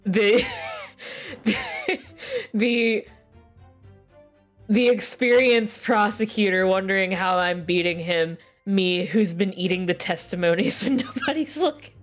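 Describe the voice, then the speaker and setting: A woman streamer chats casually through a game stream and keeps restarting her sentences as she giggles. Her speech is unhurried and lively in pitch, with faint music behind her. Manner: rambling and giggly, with many restarts.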